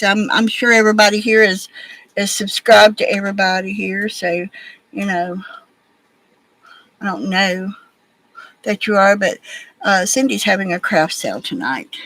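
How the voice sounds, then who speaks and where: A woman's voice: mid-range voice, unhurried, pauses often, a bit bright, dry recording, low-quality recording. A woman from Alabama with a Southern accent, chatting to livestream viewers in a folksy, rambling way while she beads. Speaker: livestream host. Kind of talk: casual chat while beading.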